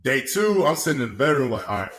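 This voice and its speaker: A young man, a guest on a podcast, telling a story in a relaxed, chatty way, often laughing and acting out what people said. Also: medium pitch, fast talker, a little hiss or hum. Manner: laid-back, laughs often, acts out quotes. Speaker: podcast guest, football player. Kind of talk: casual storytelling.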